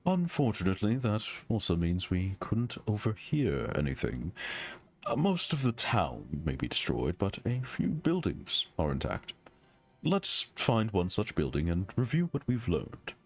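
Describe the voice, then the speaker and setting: Deep-voiced, animated male game reader. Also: measured pace, breathy edge. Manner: joking, animated asides. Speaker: game streamer. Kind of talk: reading a game aloud with jokes.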